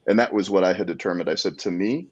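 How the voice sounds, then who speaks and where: A man talking casually as a podcast guest, an animated storyteller who acts out the people he quotes. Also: low-pitched, quick pace, lo-fi sound. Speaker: guest, jiu-jitsu black belt.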